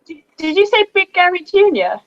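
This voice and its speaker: A young British woman chatting casually on a live stream, lively and quick to laugh. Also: very high voice, lo-fi sound. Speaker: co-host.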